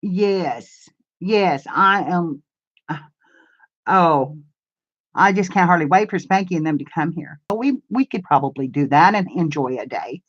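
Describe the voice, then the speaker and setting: Here a crafts-channel host, an older woman, responds to her live-stream viewers in relaxed, meandering, homey chat. Her somewhat low voice is animated and a touch slow. The audio, picked up by a camera mic, lacks the high frequencies.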